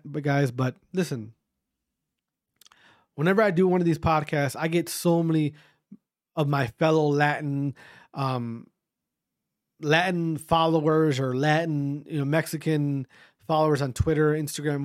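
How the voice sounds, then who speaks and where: A man's voice: a little high, fairly even intonation, normal speed, pauses often, no room sound, studio quality. A man hosting his own podcast, speaking in an emphatic, repetitive and profane rant. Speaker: podcast host.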